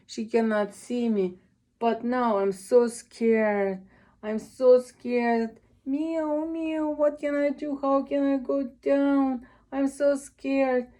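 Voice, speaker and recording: A woman voicing a frightened little kitten stuck up a tree, in a high, slow, whimpering baby voice. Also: warm tone.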